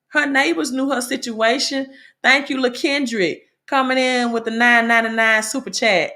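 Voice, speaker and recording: Bright-voiced woman hosting a livestream. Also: sits high, normal speed. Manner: animated, preachy, self-correcting. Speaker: livestream host. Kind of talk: casual livestream chat.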